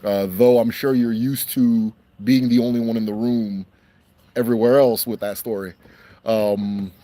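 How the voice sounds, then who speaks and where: A young man hosting a casual question-and-answer stream, talking in a relaxed way and repeating phrases for emphasis. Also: mid-range voice, measured pace. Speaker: host answering viewer questions. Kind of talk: casual livestream Q&A.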